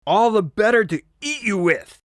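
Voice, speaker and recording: A man's voice: sing-song, normal speed, fairly bright tone, no echo, studio quality. A man voicing a sly male wolf who fakes a weak old grandmother's voice in a storybook reading. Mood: falsely sweet. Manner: high, weak, put-on old voice.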